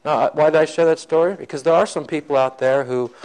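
A man's voice: a little high, fast, a little mellow, low-quality recording. A man preaching, telling a story to his congregation and acting out the voices of the people in it. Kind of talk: sermon storytelling.

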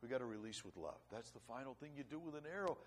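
A middle-aged man preaching a sermon, earnest, swinging between loud emphasis and quiet, low-voiced stretches. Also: expressive, fast talker. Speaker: pastor.

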